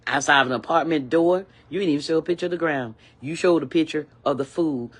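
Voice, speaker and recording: A husky, low-voiced older woman rants quickly in a vlog. Her angry complaint comes with repetition and heavy, indignant, preachy stress.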